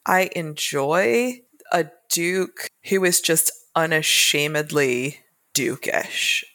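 A woman's voice: low-pitched, lively intonation, slow pace, pushed and bright. A woman co-hosting a romance book podcast, talking casually and thoughtfully, analyzing the books with occasional laughs. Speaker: podcast co-host.

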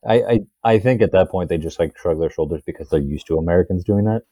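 A man in a tabletop game who talks casually, haltingly repeating his words. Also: low-pitched, warm tone, breathy edge, no echo. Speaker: player. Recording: dull, dry close mic.

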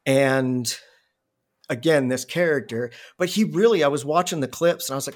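A man's voice: medium pitch, normal speed. A man hosting a podcast in casual chat, rambling and profane, restarting his words. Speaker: podcast host.

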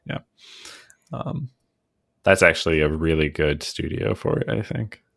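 A man co-hosting a podcast, talking in a loose, easygoing way with lots of ums and chuckles. His voice is deep and gravelly with plenty of fry, recorded close and dry. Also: a little slow, no room sound. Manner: relaxed, chuckling, trails off with fillers. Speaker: podcast co-host. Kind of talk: casual chat.

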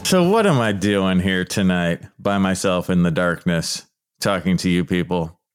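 A man hosting a solo podcast, talking in a playful, self-mocking way, now and then jumping into high mock voices. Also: moderate pace, soft background music. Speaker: podcast host. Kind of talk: solo comedic podcast monologue.

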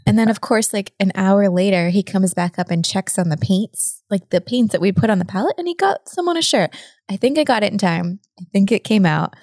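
A woman's voice: mid-range voice, animated, brisk, darkish tone, no echo, studio quality. A woman in her thirties co-hosting a podcast, chatty and laughing often. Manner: giggly, chatty. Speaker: podcast co-host. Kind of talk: casual podcast chat.

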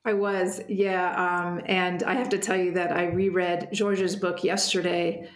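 A woman who is a history professor and guest author, speaking warmly and with enthusiasm on a podcast. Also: lowish voice, little pitch movement, measured pace, roomy sound. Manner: warm, enthusiastic, fond. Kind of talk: casual interview talk.

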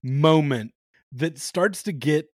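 A man co-hosting a podcast in casual chat, animated and joking, cursing freely. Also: on the high side, slow pace, dry recording, studio quality. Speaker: podcast co-host.

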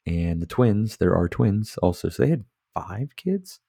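A man's voice: fairly low pitch, big pitch swings, a little slow, vocal fry, warm tone, breathy edge, no room sound, clean studio sound. A man hosting a podcast, chatting casually and rambling, with lots of filler words and swearing as he sips a beer. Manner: drinking beer while talking. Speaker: podcast host. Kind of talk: casual movie review chat.

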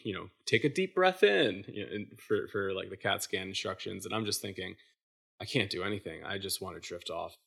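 Gravelly man telling a story, halting. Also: on the low side, a bit bright. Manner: halting, many fillers and restarts. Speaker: podcast guest. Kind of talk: casual storytelling.

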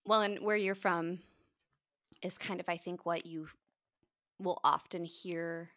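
A woman's voice: lowish voice, steady tone, takes it slowly, a bit bright, no room sound, clean studio sound. A young American woman with a General American accent, co-hosting a casual podcast chat in a playful, self-deprecating way. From United States. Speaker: podcast co-host.

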